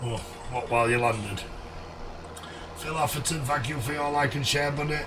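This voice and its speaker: A man live-streaming a game, greeting viewers by name in a chummy way, his voice going a little hoarse. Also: fairly high pitch, moderate pace, recorded from a distance, noisy background.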